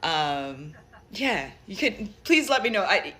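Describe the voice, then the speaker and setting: A woman's voice: medium pitch, sing-song, slow pace, pushed and bright. A young woman from Jamaica with a light Jamaican accent blended with American, musing thoughtfully with many fillers and restarts. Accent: light Jamaican mixed with American. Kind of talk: personal reflective monologue.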